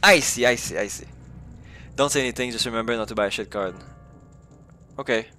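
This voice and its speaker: A man's voice: on the low side, a bit bright. A man streaming a video game, chatting loosely with his viewers and swearing freely as he rambles. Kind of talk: casual live-stream chat while gaming.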